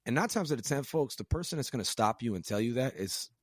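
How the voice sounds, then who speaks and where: A man hosting a podcast, talking emphatically in a casual, rant-like way, jumping between loud and quiet. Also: animated, quick pace, husky, no room sound, studio quality. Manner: emphatic, rant-like with big swings in pitch and loudness; casual slang. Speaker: podcast host. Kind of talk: motivational podcast conversation.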